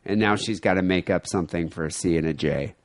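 Man, podcast co-host, low pitch, dry close sound, joking chat. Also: fast talker, no room sound. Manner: quips and acts out quoted voices. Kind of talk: casual comedic chat.

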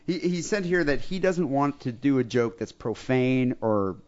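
A man's voice: mid-range voice, lively intonation, a little slow, darkish tone. A man co-hosting a comedy podcast in casual chat, blunt and crude, rambling a little as he talks. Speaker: podcast co-host. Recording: dull lo-fi podcast audio.

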